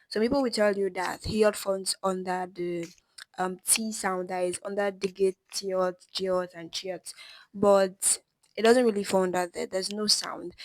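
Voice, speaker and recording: A woman giving a language lesson, explaining steadily and slowing down to sound out each example word. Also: medium pitch, low-quality recording. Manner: slows down to sound out example words. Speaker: language teacher.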